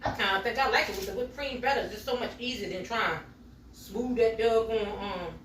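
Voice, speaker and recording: In her echoey home kitchen, a middle-aged woman bakes and talks casually to viewers as y'all. She speaks a little fast, with a voice on the high side. The mic is far away and background noise comes through.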